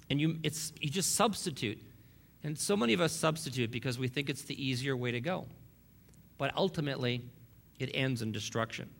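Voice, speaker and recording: A man's voice: mid-range voice, vocal fry, sharp tone. A man preaching a sermon as pastor, emphatic and fond of repeating key lines, with wry asides to the congregation.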